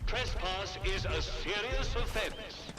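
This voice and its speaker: Game PA announcer, stern and formal, high, clipped. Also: male voice, expressive, slow pace, background noise. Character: stern male military loudspeaker announcer.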